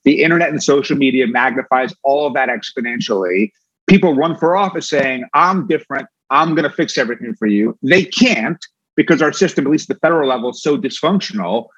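A man being interviewed, talking fast with frequent restarts and fillers. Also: medium pitch, lively intonation, fairly bright tone, husky, no room sound, highs cut off. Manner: quick, with many restarts. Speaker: guest, former campaign manager.

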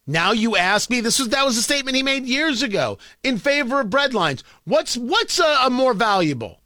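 Animated, bright-voiced talk radio man. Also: very high-pitched, normal speed, no echo, clean studio sound. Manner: sarcastic, ranting, mocking. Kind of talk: opinionated talk radio monologue.

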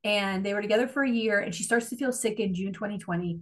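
This podcast co-host speaks quickly at a medium pitch, chatting casually while she tells a story. She rambles and gushes, cursing freely along the way.

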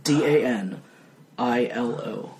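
A man's voice: mid-range voice, slow. A man chatting as a podcast guest, telling family stories with bursts of mock outrage. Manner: animated storyteller, drops into mock outrage. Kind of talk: casual podcast chat. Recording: roomy echo with faint noise.

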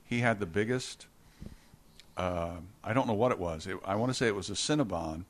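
A man's voice: fairly low pitch, a little fast. A man co-hosting a podcast, bantering in a wry, joking way. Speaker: podcast co-host. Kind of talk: casual chat.

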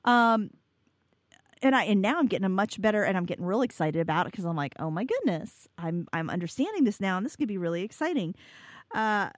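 A woman talks openly about her business in a relaxed podcast chat. She rambles and often restarts her sentences. The sound is close and dry. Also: mid-range voice, quick pace, dry recording. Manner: candid, rambling, self-correcting with restarts and laughs. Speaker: business owner guest.

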